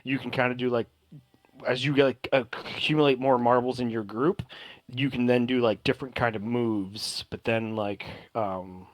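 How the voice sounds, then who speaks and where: A man's voice: mid-range voice, steady tone, moderate pace, dry recording. A man narrating as game master in a loose, rambling way, full of fillers.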